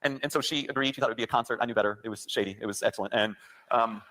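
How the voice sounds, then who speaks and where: A man preaching a sermon, telling a personal story that builds to impassioned shouting. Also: mid-range voice, rapid-fire. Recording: sermon clip played back.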